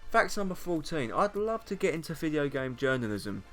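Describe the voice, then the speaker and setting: A man's voice: a little high, very animated, a little fast, soft background music. A young British man chatting casually to camera, rambling and self-mocking, often laughing between points. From Britain. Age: young adult. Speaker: YouTuber. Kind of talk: casual vlog monologue.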